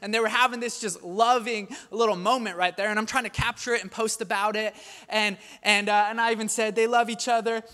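A man in his thirties, a pastor preaching a sermon in a conversational, animated storytelling way. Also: sits high, fairly quick. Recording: long hall reverb.

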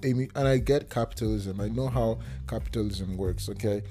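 A man hosting a solo podcast, ranting in casual slang, flaring heated and then dropping into calm, low murmurs. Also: brisk, soft background music. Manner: casual slang-heavy talk with filler restarts. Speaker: podcast host.

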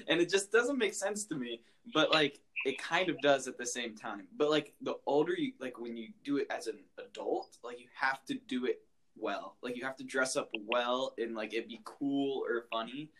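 A young man co-hosting a podcast, rambling in casual chat and leaning on filler words. His voice sits at a middle pitch, with faint noise and a few clicks behind it. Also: normal speed, fairly bright tone. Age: young adult. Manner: rambling, says "like" a lot. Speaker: podcast co-host.

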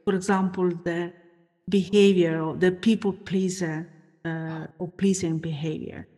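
Female interviewer, unhurried and hesitant, slightly low voice, long reverb. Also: fairly even intonation, dark tone. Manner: measured, hesitant fillers. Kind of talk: interview questions.

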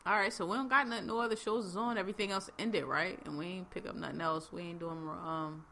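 A woman's voice: fairly low pitch, fairly even intonation, fast, vocal fry, bright, forceful tone, a little hiss or hum. A woman hosting a podcast, recapping reality TV in a blunt, laughing, slang-heavy casual chat. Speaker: podcast host.

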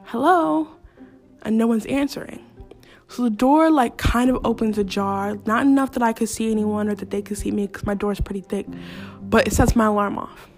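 A young woman hosting a podcast, telling a scary story in a casual, animated, profane way, talking straight to her listeners. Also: mid-range voice, a little fast, faint music behind. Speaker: podcast host.

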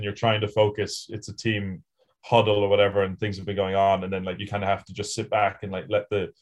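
A man in a casual podcast chat, speaking in a fairly low voice. He tells rugby stories in a relaxed, rambling way, full of fillers and easy laughs. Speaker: podcast co-host, rugby sevens player.

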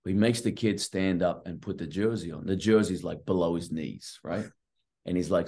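A middle-aged man with a fairly low voice tells coaching stories at length. He talks casually and leans hard on fillers like "like" and "right." He is a guest on a podcast. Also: normal speed, gravelly. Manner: animated and long-winded, heavy on fillers like "like" and "right". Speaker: guest, college basketball coach. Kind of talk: casual storytelling.

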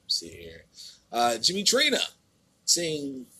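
A man's voice: medium pitch, huge pitch swings, slow, bright, forceful tone, slightly rough. A man with an American accent hosting a podcast, ranting in a casual, exasperated and profane way with many restarts. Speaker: podcast host.

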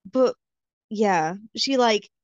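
A woman's voice: medium pitch, lively intonation, drawn-out words, no echo. Giggly woman on a dull, lo-fi recording. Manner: curious, musing, giggly, many "like" fillers. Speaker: book discussion co-host. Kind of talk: casual chat.

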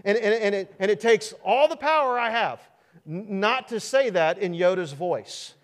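A Midwestern American pastor preaches to his congregation in a fairly high voice. His pitch swings widely as he works through restarts and rhetorical questions. The sound carries the long echo of a large church sanctuary. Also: lively intonation, moderate pace. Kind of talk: sermon.

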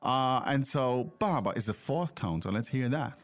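Man, middle-aged, podcast teacher, casual, animated intonation, prompting questions. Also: mid-range voice, moderate pace, faint music behind. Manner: explains and prompts with questions, many fillers. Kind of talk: casual language lesson chat.

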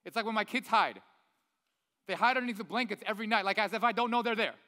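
A male pastor, around his thirties, preaching in a lively, conversational way with many rhetorical questions. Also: sits high, fast talker. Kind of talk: sermon. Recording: long reverb of a large hall.

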